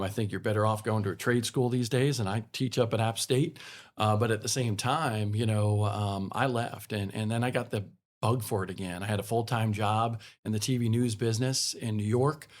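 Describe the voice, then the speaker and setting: A man's voice: on the low side, moderate pace. Middle-aged man telling racing stories. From Northeast US. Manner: animated storyteller acting out quoted dialogue. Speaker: guest, racing broadcaster. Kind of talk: casual storytelling.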